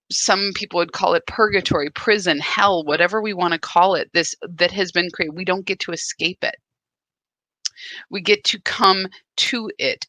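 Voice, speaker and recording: Bright-voiced woman in an emotional live talk. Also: fairly low pitch, no room sound. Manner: emotional, searching, many restarts. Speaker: spiritual practice host. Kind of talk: candid live-stream talk. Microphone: phone.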